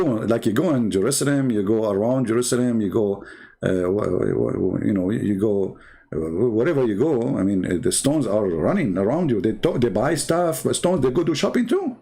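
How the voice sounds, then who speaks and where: A man's voice: mid-range voice, gravelly, a little mellow, husky. A man who is not a native English speaker, hosting a commentary show in a mocking, sarcastic tone and broken English. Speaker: show host.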